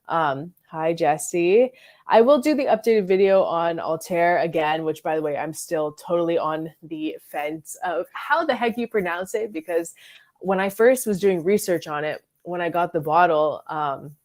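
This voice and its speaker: A woman's voice: on the low side, a little mellow. A woman hosting a casual fragrance livestream, chatting loosely and answering viewers' comments with frequent "like" and "um". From Florida. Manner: chatty, reads and answers live chat, frequent likes and ums.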